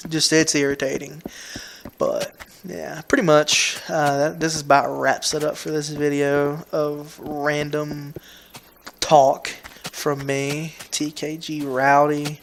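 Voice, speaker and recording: A man with a Southern US drawl talks casually in a slightly high voice, rambling and restarting his sentences as he goes. He sounds laid-back, and a faint hiss sits under the recording. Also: flat delivery, slow pace, creaky. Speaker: gaming video host.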